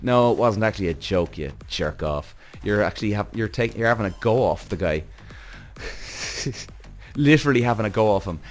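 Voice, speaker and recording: A man hosting a podcast, giving casual, rambling commentary on a TV series, animated and swearing often. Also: lowish voice, normal speed. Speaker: podcast host.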